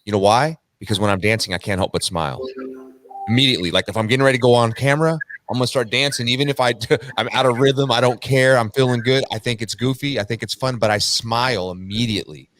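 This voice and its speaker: A man guesting on a podcast, talking in an energetic, motivational way. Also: medium pitch, fast talker, a little hiss or hum. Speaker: podcast guest, car dealership worker. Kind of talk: casual interview chat.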